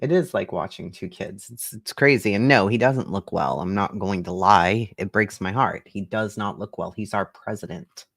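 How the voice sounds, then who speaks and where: A man's voice: on the low side, moderate pace, gravelly, few pauses, fairly bright tone, dry recording, studio quality. A man from Boston in a casual, profane reaction chat, often laughing and mocking what he watches. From Boston, USA. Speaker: streamer reacting to a debate.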